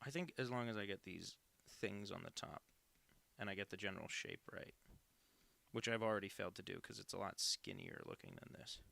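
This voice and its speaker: A man's voice: sits low, very animated, fairly quick, creaky, bright, forceful tone. A young man in his twenties, a cartoonist on a live stream, chatting casually and self-deprecatingly while he draws and reads out viewers' messages.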